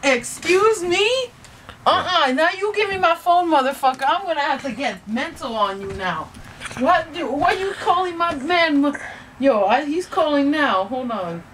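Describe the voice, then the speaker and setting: Lady doing a fiery sex worker, high voice, brash and cussing, comedy sketch. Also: animated, a little slow, fairly bright tone, slight background noise. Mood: furious. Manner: brash, profane, threatening. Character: fiery, loud-mouthed female sex worker demanding pay.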